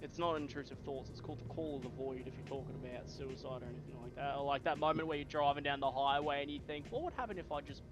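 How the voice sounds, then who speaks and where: A man's voice: mid-range voice, fast talker, hardly any pauses, music in the background. An Australian man chatting casually with friends during a game, blunt and swearing constantly. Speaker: gamer in voice chat. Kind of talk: casual chat.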